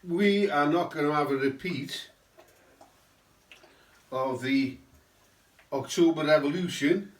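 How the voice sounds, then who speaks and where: A man's voice: fairly high pitch, roomy sound, far from the mic, natural voice, low-quality recording. A man voicing a smug, dismissive British establishment man in a Cardiff accent, as if talking around a roll-up cigarette. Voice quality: talks with a roll-up cigarette in his mouth.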